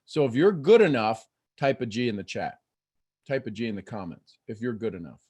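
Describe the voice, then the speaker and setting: A man hosting a live coaching call, talking in an animated way and acting out the voices in people's heads. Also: mid-range voice, brisk, slightly rough. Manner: animated, acts out inner voices. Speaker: host and motivational coach.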